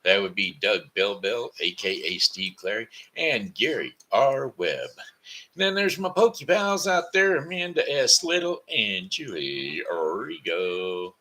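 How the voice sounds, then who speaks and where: A man's voice: medium pitch, vocal fry, sharp tone. A man hosting a casual live stream, folksy and rambling with sing-song asides. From Missouri. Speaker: host.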